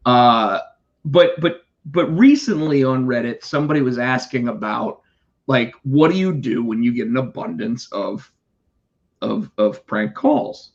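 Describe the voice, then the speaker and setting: A man telling a work story in casual chat, animated and profane, putting on voices for the callers. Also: mid-range voice, measured pace. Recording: dull lo-fi sound.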